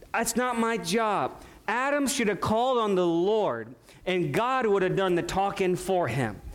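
High-voiced man preaching emphatically. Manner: emphatic preaching with rhetorical questions to the congregation. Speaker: pastor. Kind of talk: sermon.

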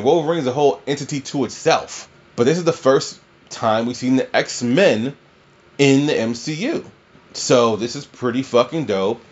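A man's voice: medium pitch, darkish tone, dull audio. A man casually reviewing a film, rambling and swearing, full of fillers and restarts. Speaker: movie reviewer.

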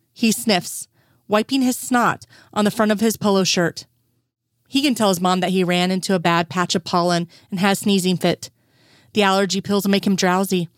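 A woman's voice: medium pitch, clear, resonant tone, no echo, studio quality. A young adult woman narrating a fan fiction story in a casual, profane storytelling way. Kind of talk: scripted fan fiction reading.

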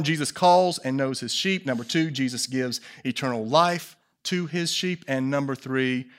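A male pastor preaching a sermon, swinging between hushed low phrases and loud emphatic peaks, asking the congregation questions and joking with them.

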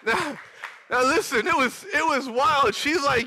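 A young male preacher shares a personal story from the pulpit with animated, lively delivery, now and then breaking into shouts. His voice sits unusually high and rings with a sharp, bright edge. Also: unhurried. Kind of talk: sermon testimony.

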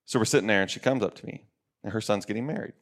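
A man's voice: fairly low pitch, rapid-fire. Emphatic, preachy middle-aged man. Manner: preachy, emphatic, repeats lines for stress. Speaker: podcast co-host, former coach. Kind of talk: motivational podcast talk.

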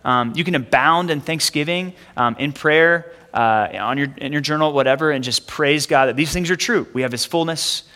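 A man in his thirties preaching a sermon as a pastor, casual and conversational, with frequent fillers and quick asides. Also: fairly high pitch, sharp tone. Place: church sanctuary. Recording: long hall reverb.

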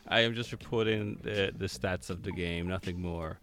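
A man's voice: low voice, fairly even intonation, moderate pace, a bit bright, faint music behind. A man hosting a radio show, chatting casually about sports with lots of ums and restarts.

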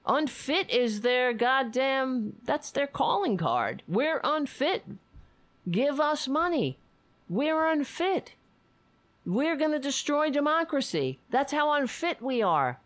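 A woman hosting her own political talk show, ranting with sarcasm and indignation, swearing and laughing between points. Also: medium pitch. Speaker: political commentary host. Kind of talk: casual political rant.

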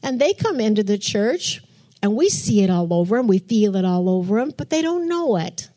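A woman's voice: mid-range voice, very animated, normal speed, dark tone. An older woman giving a chatty testimony in church, telling her story and acting out what she thought back then. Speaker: church speaker. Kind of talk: testimony sermon.

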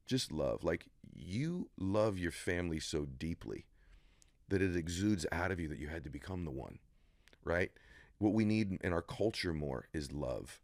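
Deep, emphatic motivational speaker man. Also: very animated, fairly quick, a little mellow, no room sound, studio quality. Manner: emphatic, preacherly, building to intensity. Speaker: podcast guest. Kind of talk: motivational interview talk. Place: studio room.

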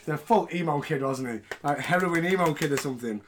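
A man's voice: on the high side, a little fast, noisy background. A man hosting a casual podcast, joking and swearing as he talks. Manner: joking, profane and mocking. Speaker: podcast host.

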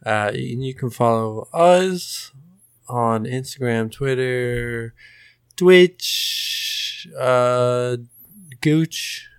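A man's voice: medium pitch, very slow, clear, resonant tone, no echo, clean studio sound. A young man co-hosting an improv comedy podcast, bantering playfully with laughs. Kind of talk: casual banter.

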